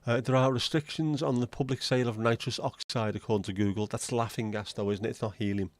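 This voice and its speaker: A man hosts a casual livestream in an easygoing, middle-pitched voice. He rambles through jokes and banter aimed straight at his viewers. The sound is dry and close, with no room echo. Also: steady tone, fast talker. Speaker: livestream host.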